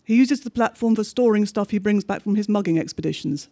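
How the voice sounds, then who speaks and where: A man reading a bleak diary-style story aloud, with measured, understated narration. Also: high voice, warm tone.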